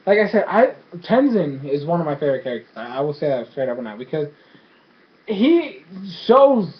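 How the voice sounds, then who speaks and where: A man with a fairly high voice rambles excitedly through a casual review, stumbling over restarts and fillers. The sound is dull and lo-fi, as from a cheap home mic. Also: normal speed. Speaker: show reviewer. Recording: dull lo-fi recording.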